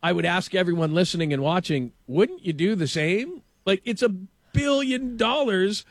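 A man hosting a casual sports talk show, animated and opinionated, stumbling over restarts as he rants. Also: high voice, moderate pace, no room sound. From Los Angeles.

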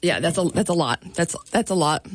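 A woman co-hosting a morning radio show, playful and quick to exclaim. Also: fairly low pitch, lively intonation, a little hiss or hum. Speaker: radio co-host. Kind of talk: casual radio banter. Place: radio studio.

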